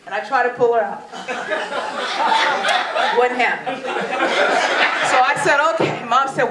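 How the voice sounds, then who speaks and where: A daughter delivers a birthday speech at a family party in an echoey hall full of people. Her fairly high voice has lively intonation, and she speaks a little slowly with long pauses, animatedly telling a story, voicing the people she quotes, and laughing frequently.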